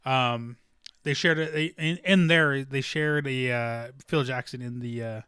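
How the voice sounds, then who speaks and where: A man's voice: mid-range voice, unhurried, sharp tone, smooth, dry recording, studio quality. A young man hosting a casual solo sports podcast, rambling with many ums and restarts. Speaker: podcast host.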